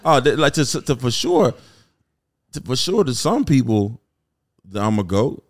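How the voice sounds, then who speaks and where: A man's voice: mid-range voice, big pitch swings, measured pace. A middle-aged man from Memphis with a Southern accent, chatting casually as an interview guest and rambling with lots of "you know what I'm saying.". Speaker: guest rapper and producer.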